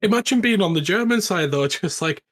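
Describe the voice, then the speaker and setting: British bloke, bit high voice, excitedly telling a history tale, laughing along. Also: male voice, a little fast. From Britain. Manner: storytelling, animated, laughs often. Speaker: podcast co-host. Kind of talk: casual chat, telling a history story.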